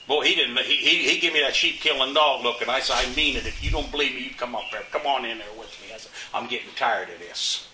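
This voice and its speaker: An older man tells his stories in a folksy, indignant way, looping back over his words. His voice is bright and sharp. It was recorded in an echoey room with a faint hum behind it. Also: medium pitch, quick pace, hardly any pauses, distant mic. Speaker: interviewee, local resident. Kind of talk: casual storytelling interview.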